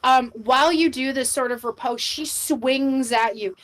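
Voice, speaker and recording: A woman's voice: high-pitched, unhurried, a bit bright, rough recording. A woman running a live tabletop game as game master, chatty and full of fillers.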